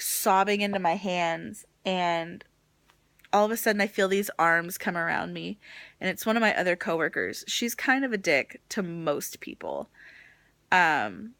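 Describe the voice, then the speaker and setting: A young woman vlogging casually, exhausted and nauseous, venting frankly about a rough stretch. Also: on the low side, fairly bright tone, no echo. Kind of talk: casual chat.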